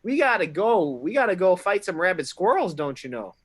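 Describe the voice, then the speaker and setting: A man voicing a brash, mouthy adventurer with a Canadian accent and a blustery, drawn-out delivery. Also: high-pitched, very animated. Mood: blustering.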